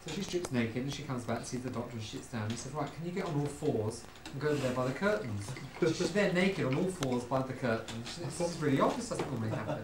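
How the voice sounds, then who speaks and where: A speaker telling a joke at home, moving briskly through the story and breaking into laughter. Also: medium pitch, expressive, reverberant, noisy background. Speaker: joke teller.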